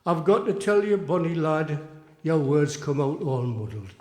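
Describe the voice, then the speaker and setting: A man's voice: a little high, very animated, normal speed, a little mellow. An older man with a Geordie accent playing a canny Geordie lad who patiently corrects his friend in rhyming lines, on a small theatre stage. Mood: correcting. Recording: echoey live room.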